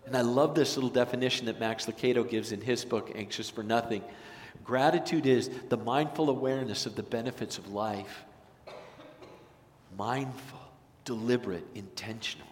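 A man preaching a sermon as pastor, animated, swinging from loud, energetic lines to hushed ones. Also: mid-range voice, moderate pace. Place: church sanctuary. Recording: long reverb of a church sanctuary.

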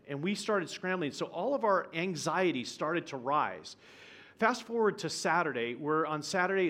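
A male pastor speaks in a church auditorium, his voice a touch higher than most men's. He tells a personal story in a conversational sermon style and acts out what people said. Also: fairly bright tone. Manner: vivid, conversational storytelling with acted-out quotes. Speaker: guest pastor.

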